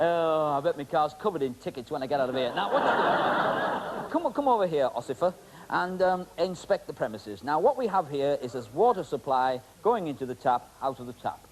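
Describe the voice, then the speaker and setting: A man does comic stage-magic patter, teasing his volunteers and wandering through asides full of ums. His voice sits a little high and swings widely in pitch. Faint noise hangs under the recording. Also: very animated, fairly quick.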